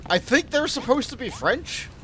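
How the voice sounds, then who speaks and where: A man giving casual, animated commentary while playing a building game. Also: very high voice, normal speed, a little hiss or hum. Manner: animated, jumps between exclamations and mutters. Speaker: let's play streamer.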